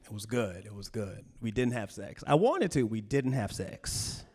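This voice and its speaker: A male comedian telling a story live on stage in an animated, self-mocking way, acting out the scenes. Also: on the low side, a little slow, husky. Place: stage at a cultural center.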